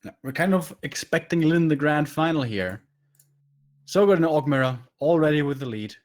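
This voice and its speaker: Lively, analytical male game caster. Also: a little high, normal speed. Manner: analytical, critiques play in detail. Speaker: esports caster. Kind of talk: live game commentary.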